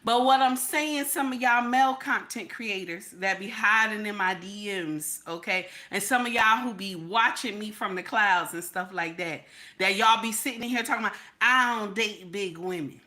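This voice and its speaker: A married woman hosting her own channel, giving blunt, profane, animated commentary straight to her viewers. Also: medium pitch, normal speed. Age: adult, married. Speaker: channel host.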